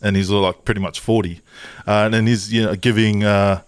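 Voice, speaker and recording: A man from Tonga co-hosting a podcast, laid-back and quick to laugh in casual banter. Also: on the low side, no room sound. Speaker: podcast co-host.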